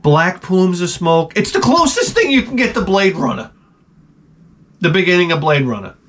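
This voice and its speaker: A man with a fairly high voice rambles through a comic monologue, swearing freely. He jumps into loud mouth sound effects and acted-out reactions. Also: normal speed. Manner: animated, profane, with loud sound-effect imitations. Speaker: channel host.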